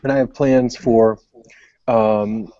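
A man's voice: mid-range voice, steady tone, slow pace, mellow, no room sound, muffled recording. A young adult man telling a long story in casual podcast chat, rambling with many fillers. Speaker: podcast co-host.

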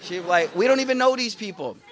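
A man's voice: sits high, fast talker, slight background noise. A man, likely in his late twenties or thirties, giving a casual motivational talk to an audience, telling funny stories and acting out other people's voices. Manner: animated storytelling with jokes and quoted voices.

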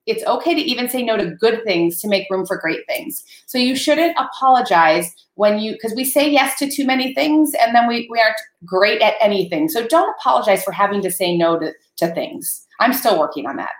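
A woman co-hosting a casual podcast chat, upbeat and quick to laugh. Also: fairly high pitch, expressive, roomy sound. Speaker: co-host.

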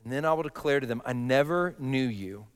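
A man preaching a sermon as a pastor, emphatic, rising to loud passion and dropping to quiet. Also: mid-range voice, a little fast, clear, resonant tone. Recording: long reverb of a large hall.

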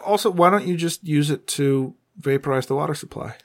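A man co-hosting a casual podcast who picks apart a film with dry, deadpan humor. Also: on the high side, brisk. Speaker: podcast co-host. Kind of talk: casual film critique chat.

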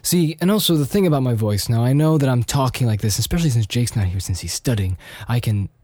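A man's voice: medium pitch, animated, quick pace, dark tone, dry recording. A young man hosting a podcast alone in casual chat, slightly nasal, rambling and self-deprecating with many restarts. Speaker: podcast host.

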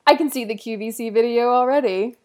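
A woman hosting a podcast interview, upbeat and quick to laugh as she asks questions. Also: a little high, dark tone. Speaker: podcast host. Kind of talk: casual interview.

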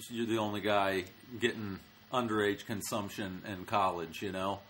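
A man's voice: lowish voice, steady tone, moderate pace, fairly bright tone, a little hiss or hum. A man hosting a casual podcast, chiming in with short remarks and dry jokes. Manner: short interjections, easy laughs, dry quips. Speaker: podcast host.

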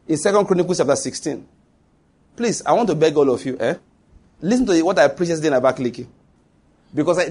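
Nigerian pastor guy, husky and a bit high, preaching hard and asking the crowd stuff. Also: a little mellow. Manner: preaching emphatically, quizzing the congregation. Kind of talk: sermon.

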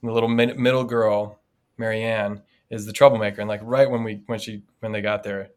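A man's voice: lowish voice, brisk, clear, resonant tone. Reflective man telling a story. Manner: storytelling, reflective, animated in anecdotes. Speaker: priest, podcast co-host. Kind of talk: casual conversation.

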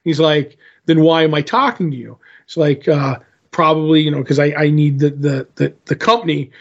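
A man's voice: on the high side, fairly even intonation, normal speed, vocal fry, husky, dull audio. A man co-hosting a podcast, casually recapping a comic with many restarts and loosely acted dialogue. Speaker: podcast co-host.

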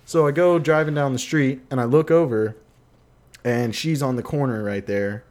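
A man co-hosting a casual podcast tells a long, profane, rambling story and acts out quotes along the way. His mid-range voice is brisk with a darkish tone.

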